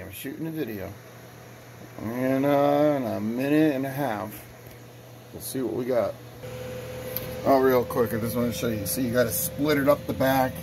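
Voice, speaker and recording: A man's voice: medium pitch, background noise. A man hosting a casual home cooking vlog, rambling and joking as he talks to viewers from his kitchen. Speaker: host of a home cooking video.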